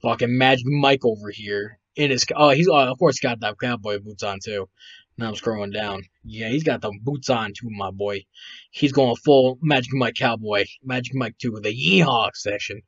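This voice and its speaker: A man's voice: mid-range voice, moderate pace, fairly bright tone, no echo. Male host, tired, profane, rambling reactions; lo-fi dry mic, no room. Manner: profane, rambling, laughs a lot. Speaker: video host reacting to photos. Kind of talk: casual reaction commentary. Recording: dull lo-fi, dry.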